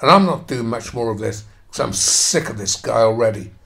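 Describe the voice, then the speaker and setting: A man with an ordinary mid-pitched voice rants through a commentary as he reads an article aloud. He is sarcastic and scornful, and he swears heavily as he mocks each quoted line. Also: lively intonation, normal speed, creaky, a bit bright. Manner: angry, sarcastic, heavy swearing; reads quoted passages, then mocks them.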